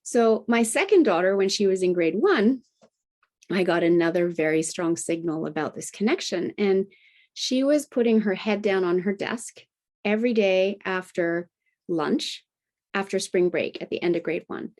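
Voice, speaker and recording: A woman's voice: animated, normal speed, darkish tone. A middle-aged woman, a health coach, telling a personal story in a conversational podcast interview and often adding "you know" and "right?". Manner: acts out remembered dialogue with lifted pitch. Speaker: guest, integrative health practitioner and health coach.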